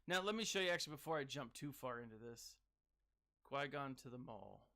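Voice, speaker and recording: A man giving casual gaming commentary as a streamer, chatting with viewers and breaking into sudden excited whoops. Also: medium pitch, a little fast. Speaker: game streamer reading live chat.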